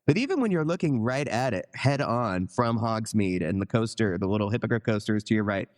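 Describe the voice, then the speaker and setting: Low-voiced man in casual podcast talk. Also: expressive, brisk. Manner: conversational, leans on "like". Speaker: podcast co-host.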